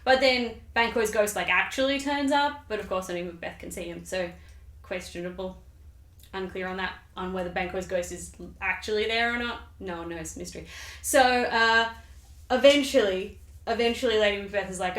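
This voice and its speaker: A woman's voice: medium pitch, normal speed, fairly bright tone. A woman hosting a comedic summary of a play, chatty and sarcastic, with rambling asides. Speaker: video host. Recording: roomy echo.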